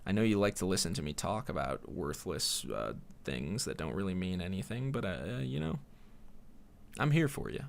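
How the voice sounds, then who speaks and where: A man's voice: sits low, big pitch swings, moderate pace, gravelly, a little hiss or hum. A man hosting a solo podcast, rambling in a profane, sardonic way. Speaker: podcast host.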